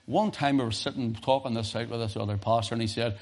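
Middle-aged Northern Irish man, pastor, lively and humorous sermon storyteller. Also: medium pitch, fast talker. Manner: animated storytelling with humorous asides and chuckles.

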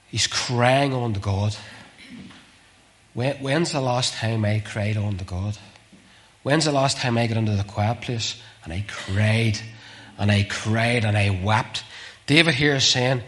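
Impassioned preacher man. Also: mid-range voice. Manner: impassioned, swings from urgent calls to hushed near-whispers; repeats phrases with emphasis. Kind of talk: sermon.

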